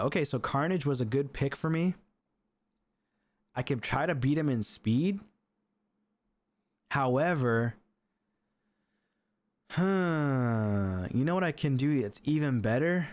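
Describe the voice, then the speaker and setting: A man streaming from a home setup, commentating his matches in a chatty, excitable way and laughing often. His voice sits at an ordinary middle pitch. He talks straight to his viewers. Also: dry recording. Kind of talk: live gameplay commentary.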